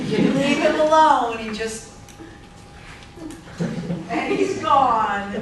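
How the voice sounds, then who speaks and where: A woman lecturing to a class, telling funny anecdotes with lively delivery and frequent laughter. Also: on the high side, far from the mic. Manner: lively, storytelling, laughing often. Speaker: anthropology lecturer. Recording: echoey classroom recorded from afar, noisy.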